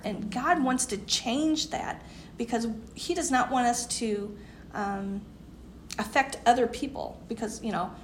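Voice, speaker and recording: A woman's voice: a little high, a little hiss or hum. A woman in her fifties giving an earnest devotional talk, laughing now and then, losing her voice. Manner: earnest, laughs often, voice dips quiet at ends. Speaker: women's group speaker.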